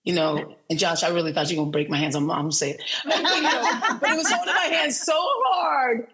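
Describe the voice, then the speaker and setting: A woman's voice: on the low side, animated, a little fast, fairly bright tone, slightly rough, low-quality recording. A woman, a film producer and director, guesting on an interview podcast, talking in a rambling casual way with many fillers and restarts. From United States, raised as military kid.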